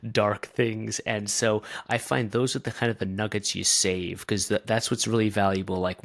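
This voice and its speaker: A man's voice: low-pitched, no room sound, clean studio sound. A man co-hosting a podcast, speaking reflectively and stopping to restart his sentences. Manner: reflective, halting with many restarts. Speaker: podcast co-host. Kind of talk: casual chat.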